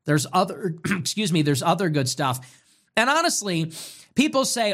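A man's voice: a little high, big pitch swings, normal speed, a bit bright. A man commentating in a solo monologue, emphatic and repetitive in short punchy sentences.

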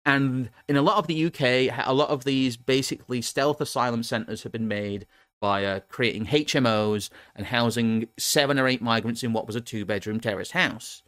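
A man's voice: medium pitch, normal speed, a bit bright, no room sound. A man from England hosting a casual political talk show, rambling with frequent restarts and laughs. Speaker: podcast host.

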